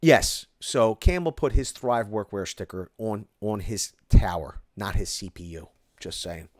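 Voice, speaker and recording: A man hosting a casual live stream, reading viewer comments aloud and ranting about them in an animated way. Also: lowish voice, a little slow, no room sound, clean studio sound.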